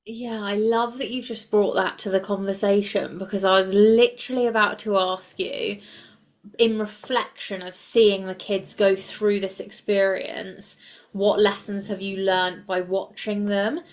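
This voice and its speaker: A woman's voice: medium pitch, steady tone, a little slow. Encouraging woman podcast host. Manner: affirming, encouraging questions. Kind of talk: interview conversation.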